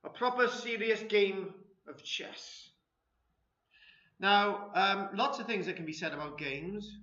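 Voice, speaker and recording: A high, bright-voiced man lectures in a chatty, self-deprecating way, drifting into anecdotes between points. The sound is roomy and a little dull, like a lo-fi recording of a talk in an echoing room. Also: slow pace. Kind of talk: informal lecture with audience chat.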